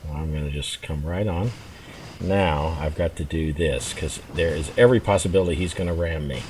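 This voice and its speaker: A man giving relaxed, rambling commentary while playing a game, chuckling and restarting his thoughts as he goes. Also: extremely low pitch, moderate pace, slight background noise. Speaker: gameplay commentator. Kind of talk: casual gameplay commentary.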